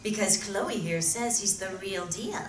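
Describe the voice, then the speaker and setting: A woman's voice: medium pitch, measured pace, lightly acted. A woman playing a cruel, commanding alien starship captain who barks orders and mocks her crew. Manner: bossy, barking orders, mocking. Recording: echoey room, mic far off, faint hiss.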